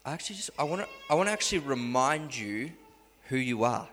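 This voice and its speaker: A man preaching voices God the Father as a gentle dad reassuring his son. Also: medium pitch, big pitch swings, fast talker, big-room sound, a little hiss or hum. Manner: soft and reassuring.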